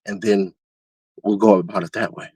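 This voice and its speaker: A man hosting casual commentary, talking animatedly and laughing often, now and then breaking into high-pitched screaming bits. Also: steady tone, moderate pace, warm tone, slightly rough, no room sound. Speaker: commentary host.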